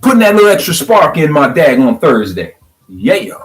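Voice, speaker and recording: Hyped middle-aged guy with AAVE ranting on his vlog, voice a bit high, swings all over. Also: normal speed, faint music behind, poor audio. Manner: animated, preachy, swings from hyped to calm. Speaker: video blogger. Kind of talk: fired-up social media rant.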